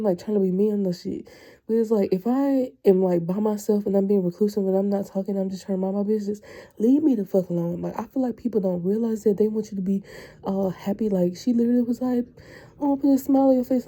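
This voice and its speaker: A woman's voice: mid-range voice, mellow, slightly rough. A young woman, a teacher and coach, venting bluntly and profanely about her school year in a casual vlog.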